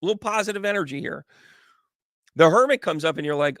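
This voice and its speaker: A man doing casual live tarot readings as a medium, chatty and animated, greeting viewers by name. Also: high voice, fairly quick, pauses often, no room sound, clean studio sound.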